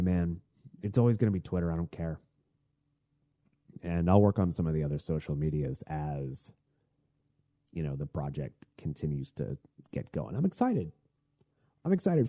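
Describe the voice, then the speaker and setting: A man hosting a solo podcast, talking in a rambling, chatty and excitable way. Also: low-pitched, no echo, clean studio sound. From Tennessee. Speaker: podcast host.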